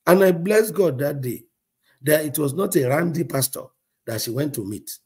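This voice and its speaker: A man preaching a sermon as pastor, telling a story in an animated way, acting out dialogue and chuckling often. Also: a little high, moderate pace, breathy edge.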